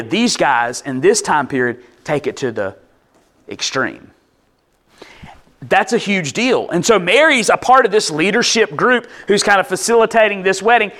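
A man preaching a sermon in a lively, conversational way, acting out little asides as he explains. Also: high voice. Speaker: pastor.

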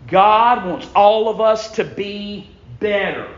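Emphatic preacher man, echoey church. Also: slow pace. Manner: emphatic, building to loud bursts then dropping low. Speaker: pastor. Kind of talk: sermon. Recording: echoey room, dull lo-fi sound.

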